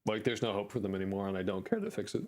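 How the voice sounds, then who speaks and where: A man's voice: lowish voice, sing-song, racing, darkish tone. An American man chatting on a live stream, rambling and jokey, with crude language. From United States. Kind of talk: casual live-stream chat.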